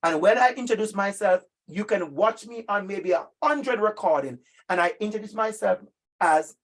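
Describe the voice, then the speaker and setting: Middle-aged man, Jamaican accent, workshop presenter, emphatic, animated delivery, speaks straight to his listeners. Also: sits high, normal speed. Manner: emphatic and animated, addressing listeners directly by name. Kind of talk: lively professional-development talk.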